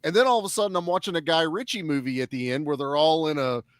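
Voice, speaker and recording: A man in casual chat, reviewing a film with blunt, profane and animated talk. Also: fairly high pitch, quick pace, a little hiss or hum.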